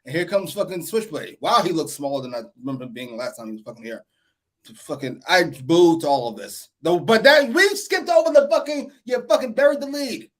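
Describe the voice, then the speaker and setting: High-voiced man ranting with profanity. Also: expressive, a little fast. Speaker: co-host.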